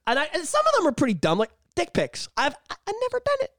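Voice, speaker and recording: A man's voice: very high voice, fast, no room sound. A man co-hosting a podcast in casual, profane chat, laughing often. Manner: profane, animated, laughing a lot. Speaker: podcast co-host.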